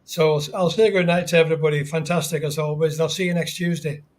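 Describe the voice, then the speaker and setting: Older man, pitched a bit high. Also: steady tone, quick pace, a little mellow. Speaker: guest. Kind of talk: casual chat.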